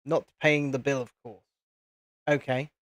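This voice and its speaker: A man's voice: medium pitch, fairly even intonation, a little slow, fairly bright tone, no echo. Chatty British man on a dry stream. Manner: chatty, rambling, reads viewer comments aloud. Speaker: live stream host. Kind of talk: casual live chat while building. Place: home streaming setup with lights and cameras. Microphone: desk mic at a streaming setup.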